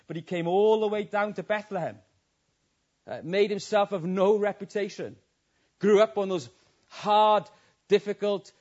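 A man's voice: a little mellow, dull audio. A man preaching a passionate sermon, his voice swelling and dropping. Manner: impassioned, rising and falling in pitch and volume.

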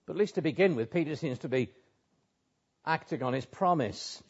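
Male preacher, earnest and emphatic sermon delivery, slightly high voice, muffled lo-fi sound. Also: animated, normal speed, husky. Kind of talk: expository sermon. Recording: dull lo-fi sound.

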